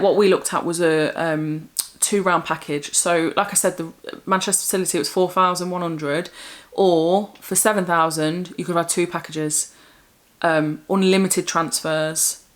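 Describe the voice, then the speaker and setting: A woman's voice: on the low side, fairly even intonation, normal speed. A young adult woman from England chatting candidly and in a rambling way as a vlogger. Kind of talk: casual chat.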